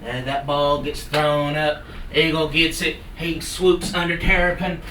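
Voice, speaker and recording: A man from the Cherokee Nation telling a traditional story to a live audience in a folksy, animated way with playful sound effects. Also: fairly high pitch, measured pace, few pauses. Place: live salon event. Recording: roomy hall from far off. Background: audience laughter and room noise.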